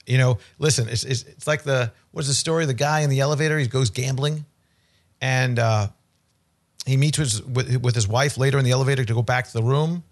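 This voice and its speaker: A man's voice: medium pitch, fairly quick. A man giving casual, opinionated commentary on investing, rambling and blunt. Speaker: financial commentator. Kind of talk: casual talk.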